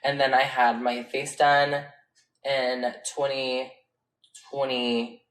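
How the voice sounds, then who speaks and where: Very low-voiced woman chatting candidly. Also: level tone, takes it slowly. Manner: candid, rambling, laughs often. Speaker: livestreamer answering viewer comments. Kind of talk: casual livestream chat. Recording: echoey room.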